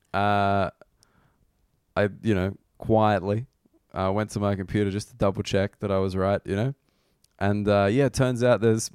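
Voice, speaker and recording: Australian man, comedian podcaster, rambling and sweary, lowish smooth voice, dry close sound. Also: a little mellow, dry recording. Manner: rambling, self-deprecating, swears freely. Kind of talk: casual solo podcast monologue. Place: corner of a hotel room.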